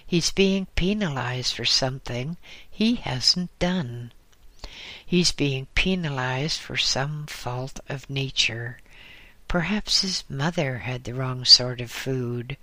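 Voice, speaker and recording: Man narrating audiobook, slow deliberate reading, bright voice, dry close sound. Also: mid-range voice, no room sound.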